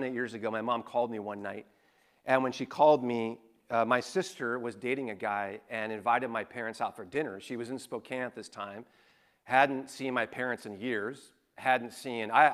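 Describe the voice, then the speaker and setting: A male pastor preaching a sermon, telling a personal story earnestly, moving between hushed confession and fervent emphasis. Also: a little high.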